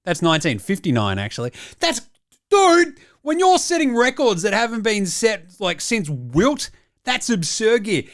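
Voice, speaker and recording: An Australian man hosting comedic sports highlights, with cheeky, mocking banter. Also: wildly swooping pitch, a little slow. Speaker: host.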